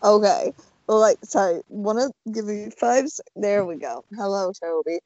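A woman's voice: mid-range voice, normal speed, darkish tone, dry recording, muffled recording. A woman co-hosting a casual film podcast, chatty and rambling, full of "like" and "you know". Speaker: podcast co-host.

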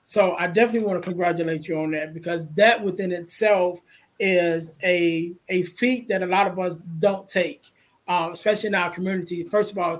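Affirming man hosting a podcast. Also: sits high. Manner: measured, affirming, says "you know" often. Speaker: podcast host. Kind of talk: casual interview chat.

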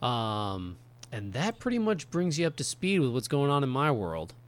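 A man's voice: medium pitch, big pitch swings, moderate pace. A man co-hosting a podcast in casual chat, rambling with lots of fillers and frequent laughs. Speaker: podcast co-host.

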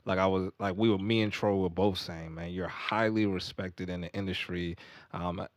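A man's voice: low voice, steady tone, normal speed, dry recording, clean studio sound. A man hosting a podcast in casual chat, laid-back and slangy. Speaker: podcast host.

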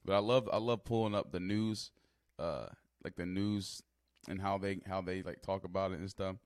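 A man's voice: deep voice, fairly even intonation, normal speed, darkish tone, no echo, studio quality. Slangy young man reacting to news. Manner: loose slang-heavy talk, frequent laughs and asides. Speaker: streamer reacting to news clips. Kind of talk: casual reaction commentary.

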